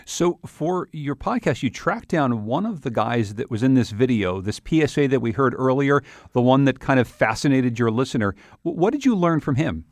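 A man's voice: medium pitch, expressive, moderate pace, few pauses, no room sound. A man hosting a radio interview, asking curious, conversational questions. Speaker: radio host.

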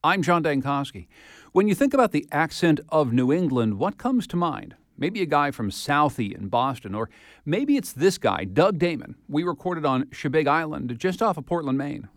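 A man's voice: a little high, sing-song, moderate pace, no room sound, studio quality. A man hosting a public radio show, reading promos and introductions in a polished, scripted delivery.

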